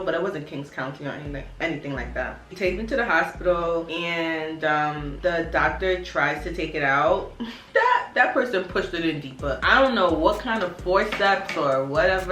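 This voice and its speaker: Telling a laid-back storytime, a blunt young vlogger from Brooklyn swears freely in a low voice with a fairly bright tone. The room sounds roomy, and faint music plays underneath.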